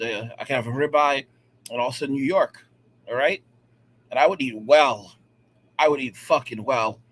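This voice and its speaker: This vlogger's voice sits on the high side with a fairly bright tone. He rants casually and profanely to camera, rambling, repeating himself emphatically, and often checking in with "all right?"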